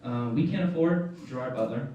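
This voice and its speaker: A man's voice: medium pitch, moderate pace, dark tone, dull audio. A young man doing a stand-up comedy set at a college club, rambling and self-deprecating with lots of fillers. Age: young adult. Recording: echoey room, distant mic, faint noise.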